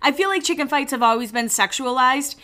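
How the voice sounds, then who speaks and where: Bright, chatty woman podcast host. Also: high voice, brisk. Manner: gossipy, acts out quoted lines in shifting voices, swears casually. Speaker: podcast host recapping a reality show. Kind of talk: casual chatty recap commentary.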